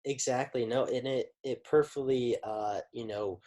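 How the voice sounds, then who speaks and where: A man hosting a podcast who talks in a measured, affirming way and often says "you know". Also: medium pitch, warm tone. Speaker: podcast host. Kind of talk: casual interview conversation.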